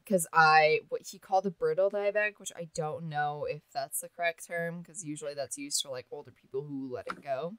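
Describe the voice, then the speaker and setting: A woman's voice: low voice, brisk, hardly any pauses, a bit bright. A young woman co-hosting a podcast, chatting frankly and casually, swearing and laughing easily. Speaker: podcast co-host. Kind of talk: casual chat.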